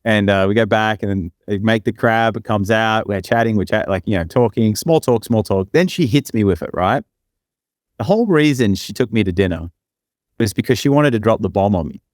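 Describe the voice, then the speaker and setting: A man's voice: on the low side, brisk, no echo, studio quality. A man co-hosting a podcast, telling rambling stories full of fillers and restarts. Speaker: podcast co-host. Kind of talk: casual podcast chat.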